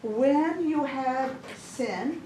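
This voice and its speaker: Speaking very slowly in a high, expressive, mellow voice, a woman offers a chatty testimony at a church women's gathering. She often laughs and restarts her sentences mid-stumble. The sound is noisy and echoey, recorded in a church hall with the mic far off.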